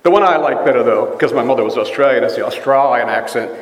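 A man's voice: mid-range voice, fast, few pauses. A man preaching a sermon in a folksy, conversational way, wandering into rambling asides. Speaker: pastor. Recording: echoey hall with long reverb.

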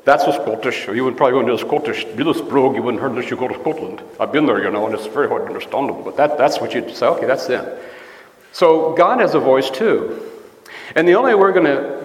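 A man preaching a sermon in a folksy, conversational way, wandering into rambling asides. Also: medium pitch. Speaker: pastor. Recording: echoey hall with long reverb.

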